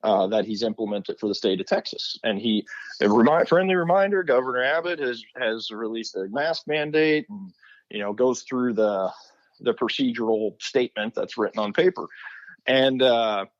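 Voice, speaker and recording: Guy guest on a podcast, lively storyteller doing the voices, muffled lo-fi sound. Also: mid-range voice, normal speed. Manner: animated storyteller acting out quotes. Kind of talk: casual chat.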